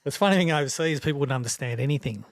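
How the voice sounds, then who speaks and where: An Australian man in his fifties, a rapper chatting casually as a podcast guest, talking quickly and rambling. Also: mid-range voice. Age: 50s. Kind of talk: casual chat.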